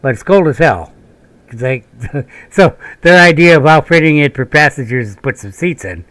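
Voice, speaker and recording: A man's voice: a little high, animated, moderate pace, a bit bright, no room sound. A man from Minnesota who hosts a gaming channel, telling a long, rambling, profane story while he plays. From Minnesota, USA. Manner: profane, rambling, laughs often.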